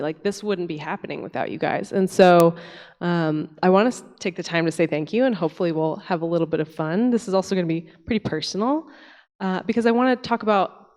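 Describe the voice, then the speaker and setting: A young woman from East Tennessee telling a candid, emotional personal story to a church audience, chatty and full of fillers. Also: lowish voice. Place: church sanctuary. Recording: long hall reverb.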